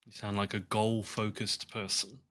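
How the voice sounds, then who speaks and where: A man hosting an interview, briskly and amiably running through a list of questions. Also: lowish voice, little pitch movement, fairly bright tone.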